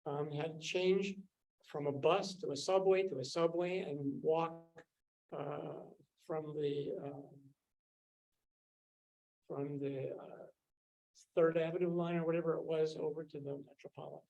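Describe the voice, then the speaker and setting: A man's voice: on the high side, fairly even intonation, measured pace, gravelly, pauses often, darkish tone, poor audio. Older male scientist, casual anecdotal storyteller, meandering with frequent fillers. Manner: rambling, with many fillers and restarts. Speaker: scientist recounting his career.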